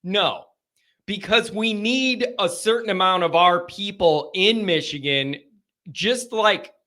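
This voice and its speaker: Male host, high voice, bright tone, joking, rambling, casual live chat. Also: takes it slowly. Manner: joking, rambling, greets viewers by name. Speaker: host of a live fan call-in show.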